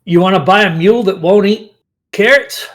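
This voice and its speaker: A man's voice: sits high, moderate pace, voice pushed up, close to an everyday voice. A man voicing a blunt, suspicious male river fisherman. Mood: wary.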